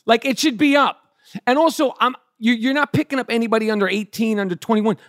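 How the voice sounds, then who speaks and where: A man in his fifties hosting a podcast, ranting loudly with lots of swearing in casual chat. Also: extremely high pitch, fast. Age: 50s. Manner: loud, profane and ranting. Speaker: podcast host.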